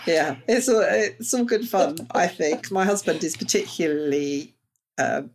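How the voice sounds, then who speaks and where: Chatty middle-aged woman, lower voice. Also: unhurried, slight background noise. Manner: chatty, opinionated. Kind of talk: casual podcast chat.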